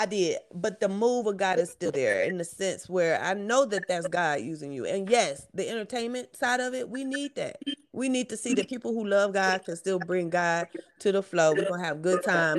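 A woman hosting a podcast from her home, gushing with praise and close to tears, repeating herself as she talks. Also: mid-range voice. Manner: effusive, repeats herself, Southern-style "y'all" talk. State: holding back tears. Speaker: podcast host. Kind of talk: casual chat, emotional praise. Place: home studio.

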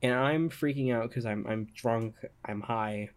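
A man hosting a podcast, telling a story in a halting, rambling way full of fillers and restarts. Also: mid-range voice, clean tone. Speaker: podcast host. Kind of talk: casual storytelling chat.

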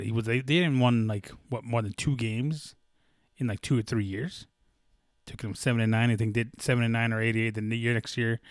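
Casual young male sports host, rambling, profane, excitable, middle pitch, dry close sound. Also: no echo.

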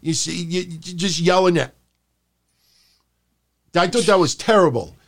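A man co-hosting a wrestling talk podcast, his voice sitting slightly high for a man. He swears freely and acts out bits of his rants, raising his voice as he goes. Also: measured pace. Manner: profane, animated, acts out rants in a raised voice. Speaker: podcast co-host.

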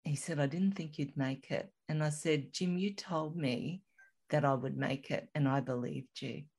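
A woman recounting a personal experience in a slow, reflective, soft-spoken way as a guest in an interview. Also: deep voice, breathy edge. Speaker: guest telling her story.

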